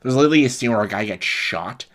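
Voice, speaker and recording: A man's voice: medium pitch, animated, quick pace, fairly bright tone. A young man giving a casual spoken film review, exasperated and laughing often, full of fillers and quoted disbelief. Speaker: movie reviewer.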